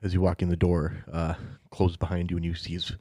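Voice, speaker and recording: A man with a very low voice runs a tabletop horror game, narrating scenes in a relaxed way with plenty of fillers. The recording is dry and close. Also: brisk, slightly rough, dry recording. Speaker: game master.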